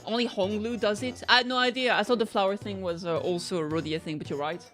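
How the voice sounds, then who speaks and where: A young woman streaming a game, reading lines aloud and reacting with quick laughs and stammered restarts. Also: medium pitch, steady tone, a bit bright, faint music behind. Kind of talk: casual let's-play commentary, reading lines aloud.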